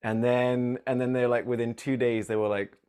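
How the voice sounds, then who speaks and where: A man's voice: medium pitch, flat delivery, moderate pace, a little mellow, clean tone. A man co-hosting a movie podcast in casual chat, rambling and correcting himself as he goes. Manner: chatty, rambling, self-correcting. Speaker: podcast co-host.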